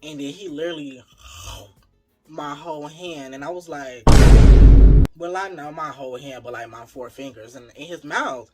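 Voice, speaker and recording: A man's voice: on the high side, moderate pace, loud music behind the voice. A man telling a wild personal story in a casual, profane style, talking straight to his viewers. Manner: animated, profane, talks to viewers as y'all.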